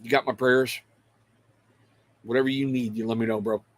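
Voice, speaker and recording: A man's voice: mid-range voice, fairly even intonation, normal speed, no room sound. A middle-aged man hosting a livestream, chatting casually and rambling to viewers, calling out their names and swearing freely. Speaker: livestream host.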